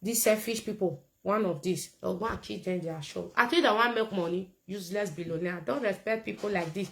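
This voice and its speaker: A woman's voice: mid-range voice, a little fast, creaky, a bit bright, rough recording. A woman with a Nigerian accent giving a casual political rant to camera, blunt and emphatic and repeating her points. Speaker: political commentator.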